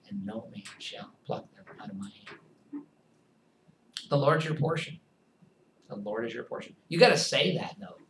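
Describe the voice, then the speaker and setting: A man preaching a sermon as pastor, swinging between forceful emphasis and hushed, quiet passages. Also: fairly high pitch, echoey room, slight background noise, rough recording.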